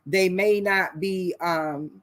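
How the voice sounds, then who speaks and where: A woman's voice: lowish voice, fairly even intonation, slow. A woman hosting a show, giving candid, preachy advice in a casual monologue. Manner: candid, preachy, with fillers and restarts. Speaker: show host.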